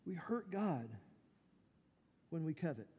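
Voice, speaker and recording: A man's voice: on the high side, very animated, takes it slowly, dark tone, slightly rough. A man preaching a sermon as pastor, emphatic and full of rhetorical questions. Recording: long reverb from a large hall.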